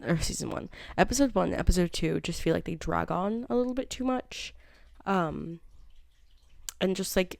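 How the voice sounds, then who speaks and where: A woman's voice: on the low side, creaky, no echo. Rambling woman vlogger, dry close sound. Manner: chatty, filler-heavy, loose tangents. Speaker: vlogger reviewing a TV show. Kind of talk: casual rambling chat to camera. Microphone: phone camera.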